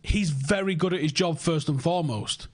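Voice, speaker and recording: A man's voice: on the high side, moderate pace, darkish tone. A man hosting a casual football podcast, swearing freely and acting out quoted conversations. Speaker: podcast host.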